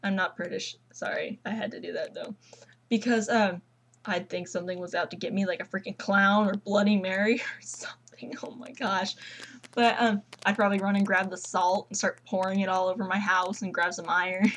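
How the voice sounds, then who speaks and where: A teenage girl vlogging casually at home, rambling and gushing like an excited fangirl. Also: medium pitch, normal speed, poor audio. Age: teens. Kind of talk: casual chat.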